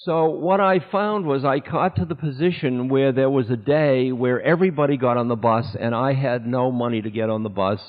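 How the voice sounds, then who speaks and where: A spiritual teacher, a man of middle pitch, tells a personal story with candor and easy laughter. His words ring out with a long reverb that trails through a large hall. The sound is thin and phone-like, as from an old lo-fi tape. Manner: candid, unhurried, breaks into laughter.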